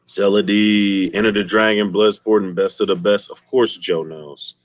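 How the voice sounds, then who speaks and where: A man streaming and chatting casually with his viewers, telling stories in an animated way and laughing often. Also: on the low side, moderate pace, no room sound. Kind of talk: casual chat.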